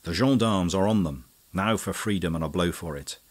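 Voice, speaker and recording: A man's voice: deep voice, moderate pace. A man reading a hot-blooded young poet's lines in a rousing, impetuous way. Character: fiery young male poet, hot-blooded.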